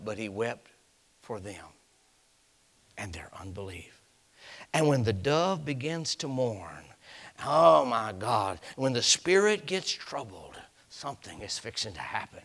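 A man preaching with a bright, forceful voice and an unhurried, deliberate delivery. He drops into hushed whispers, then builds to ringing shouted peaks, and reads old-fashioned scripture aloud. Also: mid-range voice, sing-song. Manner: dramatic, swings from whispers to shouted climaxes; reads scripture aloud in King James wording. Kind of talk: sermon.

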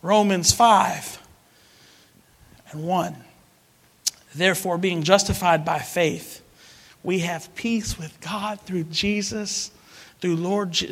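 A man's voice: sits high, steady tone, takes it slowly, creaky, pauses often, fairly bright tone. A man preaching a sermon, building emphatic repetitions and leading the congregation in responses. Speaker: pastor.

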